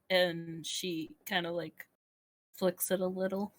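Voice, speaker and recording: A woman taking part in a tabletop game as a player, describing her character's actions slowly and haltingly. Her voice is husky, and she fills her sentences with small pauses and fillers. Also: on the low side, little pitch movement.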